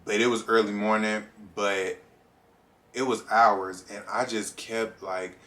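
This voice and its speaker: Animated young man telling a story. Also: on the low side, slow. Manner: animated, acts out his own reactions. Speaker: vlogger. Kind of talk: casual storytime.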